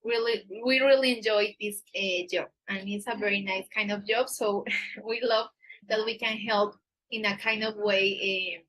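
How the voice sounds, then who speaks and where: A Colombian woman speaking English as a second language, hosting a live stream and pausing often on drawn-out "eh" fillers. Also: medium pitch, fairly even intonation, a bit bright, low-quality recording. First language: Spanish. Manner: halting, with many drawn-out "eh" fillers. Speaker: dating agency host.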